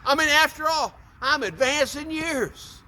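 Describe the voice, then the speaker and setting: Man doing an old priest, doubtful, questioning, high bright tone. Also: measured pace, heavily acted. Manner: questioning, hesitant. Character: doubtful aged male priest.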